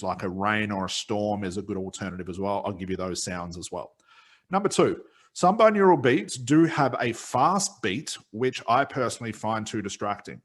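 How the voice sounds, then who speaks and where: A middle-aged man giving a recorded course lecture on hypnosis, explaining his points one by one. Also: mid-range voice. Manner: explains in numbered points, with quoted sample suggestions spoken slowly. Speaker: hypnosis trainer.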